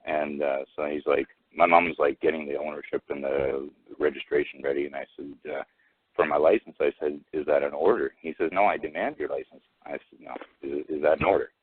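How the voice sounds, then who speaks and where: A man phones in to a talk show and tells his story in halting, rambling bursts, packed with fillers and restarts as he quotes what each person said. His voice sits very low and husky. The call comes through a thin, dry phone line. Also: fairly even intonation, no room sound. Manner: retells exchanges by quoting both sides. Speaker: caller.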